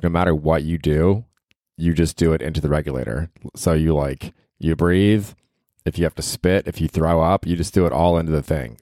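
A man's voice: deep voice, dark tone, dry recording, studio quality. A man hosting a solo comedy podcast, rambling in a casual, profane and self-mocking way. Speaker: podcast host and stand-up comedian.

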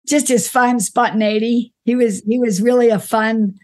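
A middle-aged woman, an interview guest, fondly telling stories about her father, often restarting her sentences and laughing softly. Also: a little high, fairly even intonation, normal speed. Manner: warm reminiscing with frequent restarts and soft laughs. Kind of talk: conversational storytelling.

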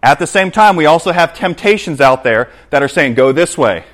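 A man preaching a sermon in church, animated, acting out scenes and checking in with the congregation. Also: on the high side, brisk. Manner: animated, acts out scenes, asks the congregation "right?". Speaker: pastor.

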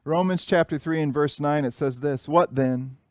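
A man's voice: on the high side, normal speed, darkish tone, dry recording. A man in his thirties preaching a sermon, earnest and repeating phrases for emphasis. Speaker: pastor.

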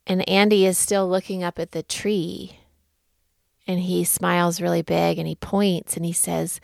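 A middle-aged woman talks in a slow, gentle, storytelling manner as she hosts her own show. Her voice sits a little low and carries a gravelly, creaky texture. The recording is close and dry, with no room sound. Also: fairly even intonation, no echo. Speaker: podcast host. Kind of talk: reflective spoken talk.

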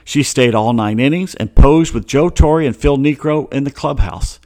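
A man's voice: medium pitch, moderate pace, darkish tone. A man hosting a casual sports talk show, rambling through stories with wry, chatty asides.

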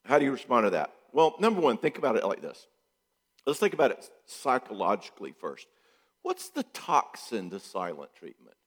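A man's voice: mid-range voice, normal speed, in a large hall. A middle-aged man, a psychologist, talking casually about relationships, firing off rhetorical questions and repeating points for emphasis. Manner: animated, acts out quotes in voices, rhetorical questions, repeats for emphasis.

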